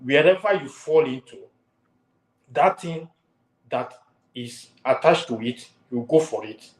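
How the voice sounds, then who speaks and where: A man lecturing hard on a talk show, hammering the same warnings again and again. His voice sits at an ordinary pitch, and the room rings with echo around it. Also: animated, unhurried. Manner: forceful, repetitive warnings. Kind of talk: heated online talk show.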